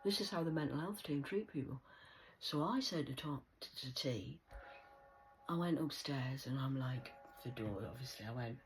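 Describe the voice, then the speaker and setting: A woman who used to be a support worker, telling a work story in a lively, profane way. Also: a bass voice, moderate pace, soft background music. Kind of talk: storytime vlog.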